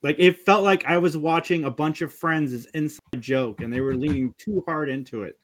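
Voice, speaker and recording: A man sharing measured, critical opinions on a group podcast. His voice sits slightly high for a man. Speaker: podcast panelist. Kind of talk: casual group chat.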